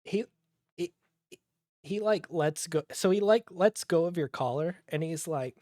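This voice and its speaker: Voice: mid-range voice, a little slow, warm tone, no room sound, clean studio sound. Casual profane game master narrating. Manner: casual, profane, many fillers and restarts.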